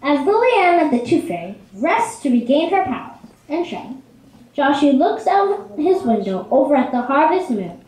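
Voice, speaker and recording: A woman tells a children's story with a high, animated voice that rises and falls expressively. The room around her is noticeably echoey. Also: moderate pace. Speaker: narrator. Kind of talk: storybook narration.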